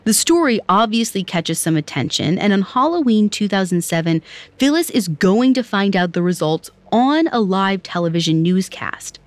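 A woman's voice: medium pitch, lively intonation, normal speed, no room sound. A woman hosting a podcast, telling a story in scripted narration with conversational, lightly wry asides. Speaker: podcast host.

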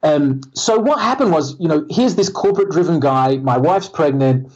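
A husky-voiced man talks candidly and a little rambling, restarting his sentences and poking fun at himself. His voice sits a touch high for a man, and the audio is slightly muffled and lo-fi. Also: lively intonation, moderate pace, darkish tone. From Australia. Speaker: guest entrepreneur. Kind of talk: casual interview storytelling.

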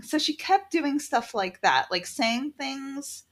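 Animated woman telling a personal story. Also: sits high, slow, few pauses. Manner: animated, quotes people in lively voices. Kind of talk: casual storytelling in a conversation.

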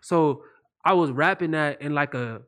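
A man's voice: on the high side, a little slow, fairly bright tone. A young man, a comedy video creator, tells stories casually in loose slang with lots of fillers. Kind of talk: casual podcast chat.

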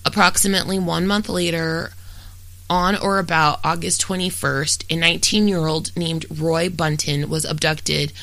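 A true-crime podcast host reads a scripted account in a steady, matter-of-fact way and turns blunt and profane in casual asides. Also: mid-range voice, normal speed, creaky, dry recording, poor audio.

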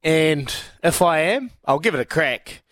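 A man co-hosting a sports radio breakfast show in casual chat, laid-back and quick to laugh. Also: fairly high pitch, lively intonation, fairly bright tone, no room sound, clean studio sound.

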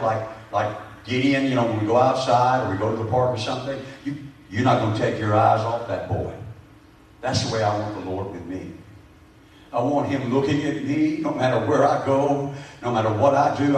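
A man preaching a sermon as pastor, stressing points with repetition and shouted emphasis, heard in a church through the pulpit mic. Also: medium pitch. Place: church sanctuary. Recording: very echoey room, voice from a distance.

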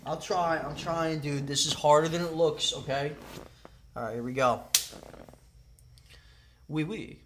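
A man hosting a casual comedy podcast, swearing freely and switching into quick accent impressions during a guessing game. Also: a little high, background noise. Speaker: podcast host.

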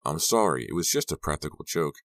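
A man's voice: extremely low pitch, big pitch swings, a little fast, dry recording, heavily acted. Goofy teen boy prankster making excuses, kinda blurty, man reading it, audiobook, dry sound. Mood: sheepish. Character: clumsy prankster teenage boy, sheepish.

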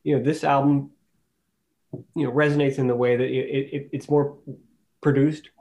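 Man, podcast co-host, middle pitch, measured. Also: flat delivery, dark tone. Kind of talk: casual chat.

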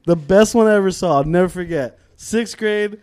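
A young man co-hosting a casual podcast, telling stories in an animated, laughing way with plenty of swearing. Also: high voice, moderate pace. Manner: animated storyteller, laughs often, swears freely. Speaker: podcast co-host. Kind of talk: casual chat.

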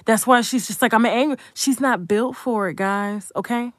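A woman's voice: a little high, normal speed, fairly bright tone, dry recording, studio quality. A young adult woman content creator giving a blunt, profane, emphatic commentary rant.

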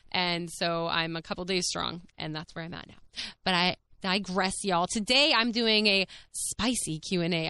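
Bubbly fast-talking woman. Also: lowish voice, bright, forceful tone, clear, resonant tone, no echo. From Texas. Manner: bubbly, rambling, fast-talking with frequent laughs. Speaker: podcast host. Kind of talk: casual chat.

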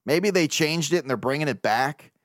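A man hosting a sports podcast alone, talking casually in an excitable, rambling way with plenty of swearing. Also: a little high, moderate pace, dry recording, clean studio sound. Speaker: baseball podcast host. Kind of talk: casual solo monologue.

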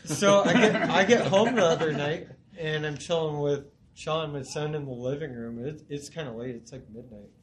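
Profane storytelling man, somewhat high voice. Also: moderate pace, background noise. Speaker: podcast co-host. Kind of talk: casual chat.

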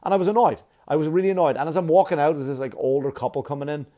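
Profane, animated male stand-up comic. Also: a little high, racing. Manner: profane, animated storytelling with exaggerated quoted voices. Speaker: stand-up comedian. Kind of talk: stand-up comedy set.

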